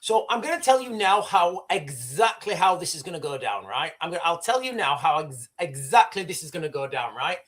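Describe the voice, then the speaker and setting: A man hosting a live news commentary stream, rambling and excitable with many restarts, boastful and opinionated. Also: fairly high pitch, brisk, few pauses. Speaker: livestream host.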